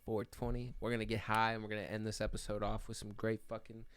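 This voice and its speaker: Profane, animated man on a podcast. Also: fairly low pitch, quick pace, smooth. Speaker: podcast co-host. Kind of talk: casual chat.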